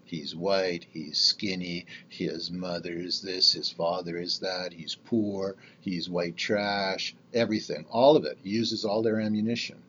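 Almost-60 guy rambling on his podcast, lowish voice, muffled lo-fi sound. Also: steady tone, unhurried, hardly any pauses, a bit bright, a little hiss or hum. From Canada. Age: 50s. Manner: rambling, candid, with many fillers and restarts. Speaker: podcast host. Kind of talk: casual solo podcast monologue.

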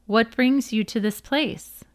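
A woman's voice: on the high side, takes it slowly. A woman voicing a mocking male giant on a moose as she reads a storybook aloud, her tone teasing.

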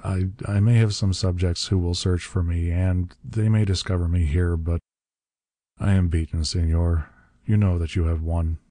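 A man's voice: low voice, little pitch movement, normal speed, dark tone, no room sound, studio quality, natural voice. A man voicing a small, white-haired old villain who stammers and pleads, reading from a storybook. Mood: defeated. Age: older.

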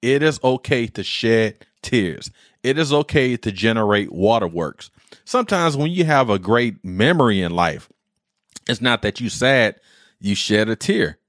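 A man's voice: medium pitch, expressive, a little slow, a bit bright, no room sound, clean studio sound. A man in his forties, a podcast host, telling personal stories in a rambling, heartfelt way with military slang. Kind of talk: casual monologue.

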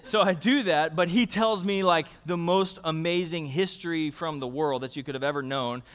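A middle-aged male pastor preaching a sermon, telling family stories with animated, repetitive, building phrases in a church service. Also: fairly high pitch, normal speed, smooth, big-room sound.

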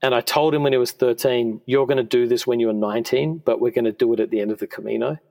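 A man's voice: medium pitch, steady tone, fast talker, vocal fry, darkish tone. A man in his forties, a podcast guest, talking in an earnest, heartfelt way. He tells personal stories conversationally, often restarting his sentences. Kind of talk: conversational storytelling. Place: podcast studio.

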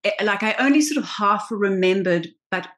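A woman in her forties, an actress guest telling an animated story with quick restarts in a casual interview. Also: mid-range voice. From South Africa.

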